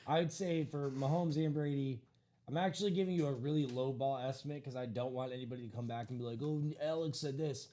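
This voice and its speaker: A man's voice: medium pitch, steady tone, fast talker, dark tone. A man co-hosting a live sports card break, trading casual, joking banter about football.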